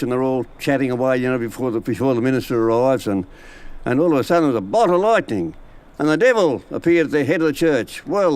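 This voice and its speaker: A man telling jokes to an audience in a folksy, rambling way, chuckling at his own punchlines. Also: a little high. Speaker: joke teller.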